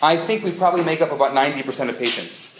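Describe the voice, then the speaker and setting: A man who is a rabbi, giving a humorous lecture as an animated storyteller with quick joke delivery. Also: on the high side, noisy background. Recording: echoey room.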